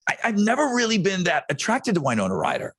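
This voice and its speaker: A man with a fairly high voice talks in lively, swinging tones as he rants about movies, swearing often. His voice sounds close and dry, with no room sound. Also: fast, slightly rough, no echo. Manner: animated and crude, swears often. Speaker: podcast co-host. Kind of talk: casual chat.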